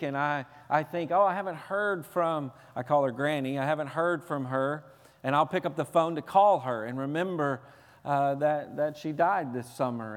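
Pastor from the American South, male, high voice, earnest storytelling sermon, long echo of a church hall. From Southern United States. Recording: long reverb of a large hall.

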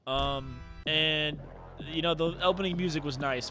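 A man co-hosting a casual food podcast, joking around with deadpan fake announcements. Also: fairly high pitch, unhurried, faint music behind. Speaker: podcast co-host. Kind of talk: casual chat.

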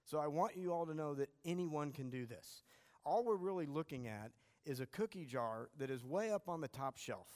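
A man's voice: on the high side, animated, normal speed, a little mellow. A man teaching a church class, telling anecdotes in a self-deprecating, conversational way. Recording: long hall reverb.

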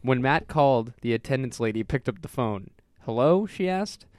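A man's voice: mid-range voice, animated, a little mellow, no echo. A man reads a wild listener story aloud on a podcast. He jumps between the characters' voices and keeps breaking into laughter. His voice sits in a middle register and sounds dry and close to the mic. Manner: reads dialogue with quick voice shifts, breaks into laughter. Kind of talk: casual reading aloud with chat.

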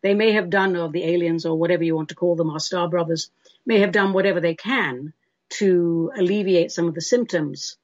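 Husky-voiced British woman host, chatty. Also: lowish voice, a little fast, no echo, muffled recording. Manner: chatty and theatrical, calls listeners love and darling. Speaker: host answering listener questions. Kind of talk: spiritual call-in talk show.

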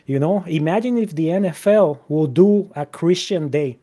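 A man's voice: a little high, moderate pace, mellow. A man in casual Christian discussion, reading Bible verses aloud and talking conversationally with lots of "you know" and restarts.

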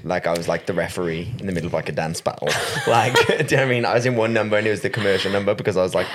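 A man's voice: low-pitched, rapid-fire, a bit bright, a little hiss or hum. A man hosting a podcast, chatting casually and laughing along with his guest. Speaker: podcast host. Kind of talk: casual interview chat.

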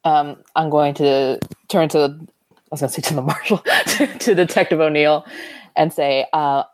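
Very low-voiced woman player. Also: no room sound. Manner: chatty, quick to laugh, trips over words. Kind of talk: tabletop role-play.

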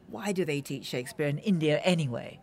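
An actress playing a vain older film star, dramatic and gushing, swinging between sharp and tender. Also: female voice, low voice, expressive, normal speed.

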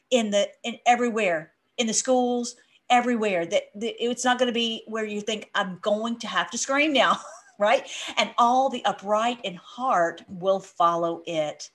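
Woman preacher, animated, informal scripture talk, laughs often. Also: mid-range voice. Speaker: online preacher. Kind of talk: informal Bible teaching.

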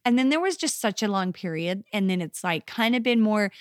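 A middle-aged woman co-hosting a chat podcast, telling stories in an animated way and acting out the scenes. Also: mid-range voice, a little fast, no echo, clean studio sound. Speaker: podcast co-host. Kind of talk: casual chat.

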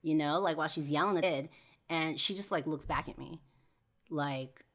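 A woman's voice: low voice, moderate pace, fairly bright tone. A young woman hosting a podcast, telling a personal story in a rambling way full of "you know" and "like". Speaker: podcast host.

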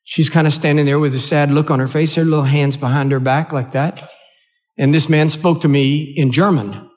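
An older American man preaches from the pulpit, telling a story in a slightly high voice. He speaks earnestly and haltingly, and he often repeats or restarts his words as he goes. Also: fairly even intonation, darkish tone. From United States. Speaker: pastor. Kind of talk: sermon storytelling.

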